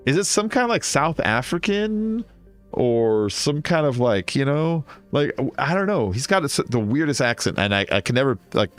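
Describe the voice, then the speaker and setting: A man's voice: medium pitch, fairly bright tone. A young man talking casually and thinking aloud as he plays a video game, laughing often. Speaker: gaming streamer. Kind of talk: casual let's-play commentary.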